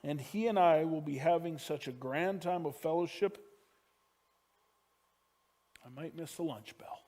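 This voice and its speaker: This male pastor speaks at a fairly high pitch and a little slowly. His sermon drops from loud, emphatic moments into soft, hushed passages as he recounts a story about his family.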